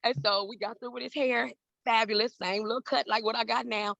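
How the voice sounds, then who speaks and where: A woman in her fifties from Southern California tells stories at a quick clip, her voice bright and a little gravelly. She acts out each person in her stories with big leaps in pitch. The sound is dry and close. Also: fairly even intonation, no echo, highs cut off. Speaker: guest, celebrity hair stylist. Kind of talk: animated storytelling in an interview.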